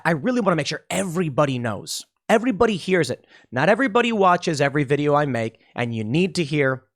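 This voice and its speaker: A man hosting solo political commentary, talking in a sarcastic, emphatic way and mocking the people he quotes. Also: on the high side.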